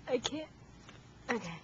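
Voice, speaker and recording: Slow-talking young woman with dry retorts. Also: fairly high pitch. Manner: dry, dismissive remarks. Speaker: friend being filmed. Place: backyard, outdoors. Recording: muffled camcorder audio with background noise.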